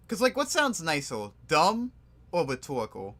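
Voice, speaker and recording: A young man giving casual, excitable commentary while playing a game, swearing freely and rambling off on tangents. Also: a little high, moderate pace. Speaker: gamer. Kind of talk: casual let's play commentary.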